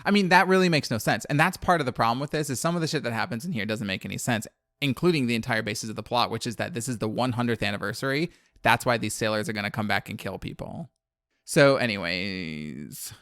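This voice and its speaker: A New Orleans man co-hosts a podcast, recapping a horror film in chatty, profane banter with lots of fillers and frequent laughter. His medium-pitched voice is expressive, fast and a bit bright. The sound is clean studio quality with no room sound.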